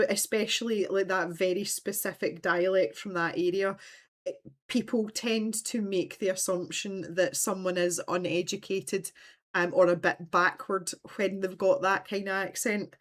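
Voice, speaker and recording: A Scottish woman in her thirties, hosting a livestream in animated, chatty conversation and laughing often. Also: medium pitch. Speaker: livestream host. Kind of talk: casual chat.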